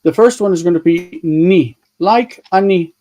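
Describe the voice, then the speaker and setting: A man's voice: high-pitched, measured pace, warm tone, low-quality recording. A man teaching a live online grammar lesson over a video call, explaining step by step and thinking aloud as he works his screen. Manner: chatty, thinks aloud while fiddling with screen tools; patient step-by-step explaining with repeated examples.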